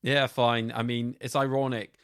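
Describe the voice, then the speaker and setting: A man co-hosting a film podcast, chatting casually with dry, deadpan comebacks. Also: mid-range voice, moderate pace, clear, resonant tone. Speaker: podcast co-host.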